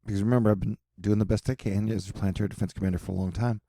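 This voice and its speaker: Gravelly sarcastic man vlogging at home. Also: lowish voice, fairly even intonation, rapid-fire, dark tone, dry recording, studio quality. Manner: rambling, sarcastic, self-mocking. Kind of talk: casual rambling vlog. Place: his apartment.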